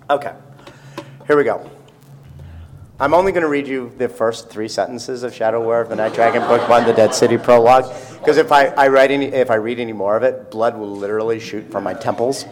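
Joking author talking to a crowd. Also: male voice, medium pitch. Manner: self-deprecating, joking, quick asides. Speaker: author at a public reading. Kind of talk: casual talk to a live audience.

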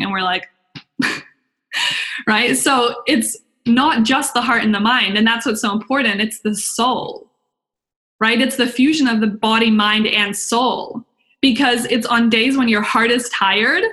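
A young woman business coach talks through a webinar in a bubbly, rambling way, peppering it with "like" and little acted-out inner voices. Her voice sits fairly high and sounds bright and forceful. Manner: chatty, excitable, lots of "like" and acted-out inner voices. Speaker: business coach and podcast host. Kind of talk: webinar talk.

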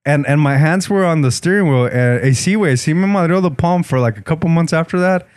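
A man tells a story in loose, profane chat, now and then dropping into Spanish. His voice sits a bit high for a man. The room is dead and dry. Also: a little fast, darkish tone, clean tone, no echo. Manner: profane, laid-back, switches into Spanish. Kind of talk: casual storytelling.

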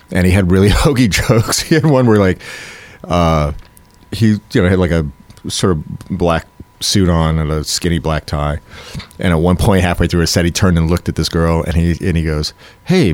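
A man's voice: sits low, normal speed, no echo. A man hosting a comedy show, telling stories in a casual chat and acting out the voices of people he quotes. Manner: animated storyteller, acts out quoted voices.

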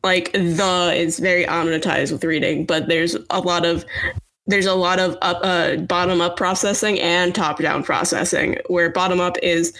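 A woman with a bright, sharp voice co-hosts a casual book-club podcast. She chats in a self-deprecating way and breaks into laughter often. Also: fairly low pitch, fairly even intonation, normal speed. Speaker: podcast co-host.

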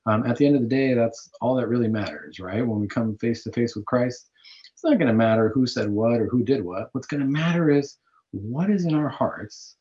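A man's voice: medium pitch, normal speed, darkish tone. Man, Catholic radio host, earnest preaching monologue, dull lo-fi sound. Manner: earnest, preaching, with fillers and restarts. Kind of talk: radio talk show monologue.

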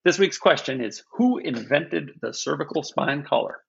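A doctor on a podcast, a man explaining medical points in a measured, careful way. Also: on the high side, animated, gravelly, breathy edge, faint music behind. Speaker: emergency physician guest. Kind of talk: podcast discussion. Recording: dull, lo-fi sound.

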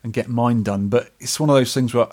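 A middle-aged man co-hosting a podcast in casual, rambling chat. He talks at an everyday middle pitch with a self-deprecating, chatty manner. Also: brisk, darkish tone. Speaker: podcast co-host.

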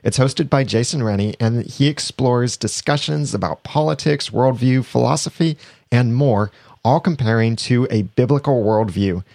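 A man's voice: mid-range voice, normal speed, creaky, darkish tone, dry recording. A man hosting a podcast in a chatty, casual way, reading sponsor plugs and laughing often. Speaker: podcast host.

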